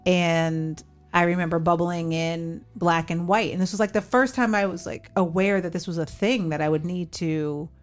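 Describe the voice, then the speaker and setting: A woman's voice: on the low side, fairly even intonation, normal speed, few pauses, faint music behind. A woman in her forties hosting a podcast, candidly telling a personal story and acting out remembered dialogue. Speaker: podcast host.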